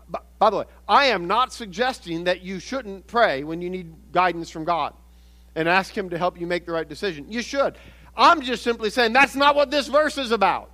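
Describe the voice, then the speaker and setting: A man's voice: high voice, bright, forceful tone. A man preaching a sermon as pastor, explaining a Bible passage earnestly and often correcting himself mid-sentence.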